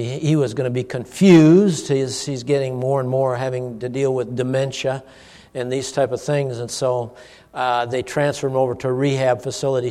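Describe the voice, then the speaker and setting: A middle-aged man, a pastor, giving an informal sermon, telling a personal story in a folksy, animated way with chuckles. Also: mid-range voice. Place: church hall. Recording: long church-hall reverb.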